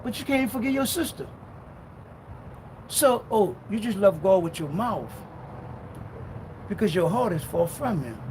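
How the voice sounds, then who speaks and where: A man preaching a sermon in a loud, fiery way, swinging between shouting and low muttering. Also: lively intonation, a little slow, long pauses, a little hiss or hum, rough recording. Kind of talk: street-style sermon.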